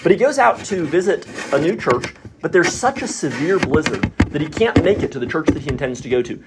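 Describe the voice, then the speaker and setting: A man telling a story in a casual, animated way as a podcast guest. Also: fairly high pitch, fairly quick. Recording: noisy recording.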